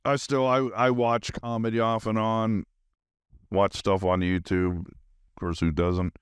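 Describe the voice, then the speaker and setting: Rambling man with a smooth voice. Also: fairly low pitch, little pitch movement, a little slow, dry recording, studio quality. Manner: rambling, nonstop talker with many fillers. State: highly caffeinated. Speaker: podcast host. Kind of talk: rambling solo podcast monologue.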